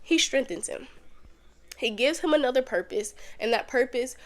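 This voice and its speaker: A woman hosting a podcast, teaching a Bible lesson in a casual, conversational way with lively storytelling. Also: high voice, moderate pace.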